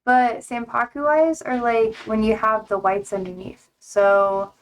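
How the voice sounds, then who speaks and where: A young woman with a fairly high voice chats loosely on a live stream. She rambles and leans on fillers, and she often breaks off her own sentences to start a new thought. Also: steady tone, a little slow, slight background noise, poor audio. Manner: rambling, filler-heavy, self-interrupting. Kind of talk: casual live-stream chat.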